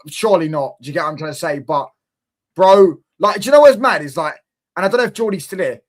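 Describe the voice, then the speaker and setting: A man's voice: high-pitched, animated, fast. A man hosting a football reaction stream, ranting in exasperated casual chat and asking rhetorical questions.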